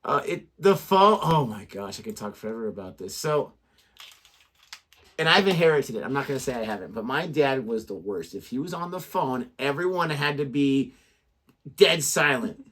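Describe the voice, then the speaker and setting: A man co-hosts a casual reaction chat in a mid-range voice with a lively, swinging intonation. He rambles and makes fun of himself as he talks. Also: medium pitch, moderate pace. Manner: rambling, self-deprecating. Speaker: reaction show co-host.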